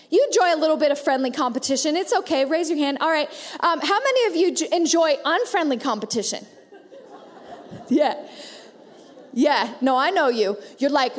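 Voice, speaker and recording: A woman in her thirties preaching a sermon in a church auditorium, playful and joking with the congregation. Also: sits high. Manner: playful, joking, animated asides. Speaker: pastor. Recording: reverberant church hall.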